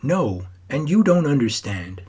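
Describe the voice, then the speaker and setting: A man's voice: on the high side, big pitch swings, measured pace, darkish tone, husky, pitched above the performer's own voice, exaggerated voice. A man voicing a troubled teenage boy who writes and talks to his grandfather in an earnest, wistful way. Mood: urgent.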